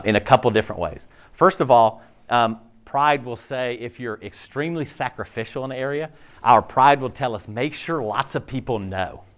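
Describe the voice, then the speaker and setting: Animated, conversational male preacher. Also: mid-range voice. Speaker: pastor. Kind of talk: sermon.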